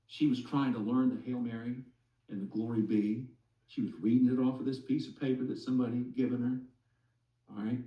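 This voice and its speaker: A man slowly telling a personal story to a group, pausing often to check in with "okay?". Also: mid-range voice, fairly even intonation, reverberant, recorded from a distance, highs cut off. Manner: slow, deliberate, many "okay?" asides. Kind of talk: slow storytelling testimony.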